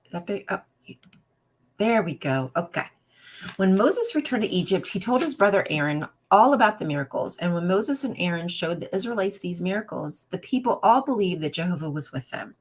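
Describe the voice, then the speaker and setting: A woman hosting a live stream reads a children's Bible storybook aloud, then breaks off into sassy, profane rants to her chat. Her voice is on the low side, sing-song and fairly quick, with a breathy edge.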